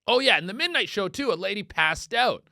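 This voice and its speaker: A male comedian spinning a casual storytelling monologue, his fairly high, bright voice leaping up and down as he goes. He swears freely, breaks into laughter mid-sentence and slips into the voices of the people he quotes. The sound is close and dry. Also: animated, a little fast, gravelly, no echo. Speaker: comedian and podcast host.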